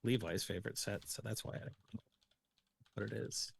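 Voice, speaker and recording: A man's voice: on the low side, brisk, gravelly, slight background noise. A man co-hosting a podcast, chatting casually about building a card game deck and teasing his co-host. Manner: joking, teasing, animated.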